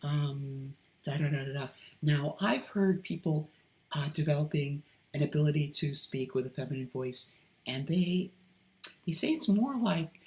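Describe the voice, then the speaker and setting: A woman hosting a casual vlog, talking hesitantly with many ums and restarts, carefully keeping her voice soft and deliberate. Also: lowish voice. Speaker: video host. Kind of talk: unscripted vlog commentary with read-aloud quotes.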